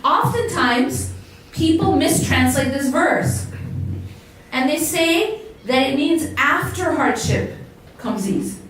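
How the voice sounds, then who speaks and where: Picked up by a distant mic in a very echoey hall, a woman from the United States speaks slowly and animatedly in a high, fairly bright voice, with slight background noise. Her motivational religious talk to the live crowd is full of questions to them and words repeated for emphasis.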